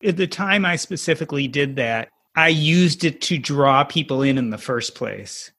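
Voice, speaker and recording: A man's voice: on the high side, expressive, moderate pace, sharp tone. A man moderating a casual panel discussion, asking guests questions and steering the talk.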